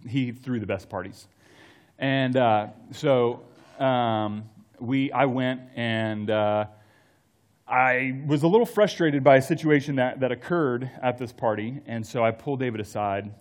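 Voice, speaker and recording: A young adult man preaching a sermon in a casual, storytelling way, dropping to soft tones for emphasis. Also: fairly low pitch.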